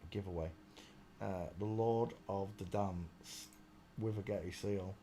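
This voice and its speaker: A man's voice: deep voice, fairly even intonation, measured pace, dark tone. Guy rambling on a live stream, talks to himself, little bit of hiss behind. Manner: chatty, exclaiming, muttering to himself while searching. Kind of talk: casual live-stream commentary.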